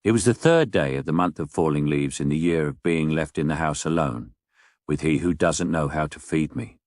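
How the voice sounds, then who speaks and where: A middle-aged man narrates a comic monologue with a voice pitched very low. His delivery is wry and deadpan, with mock-indignant asides, and his voice is close and dry in a room with no echo. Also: moderate pace.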